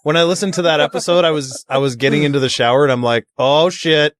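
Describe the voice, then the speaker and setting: A man's voice: a little high, rapid-fire, no room sound. A man co-hosting a casual podcast, joking and teasing with frequent giggles. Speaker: podcast co-host.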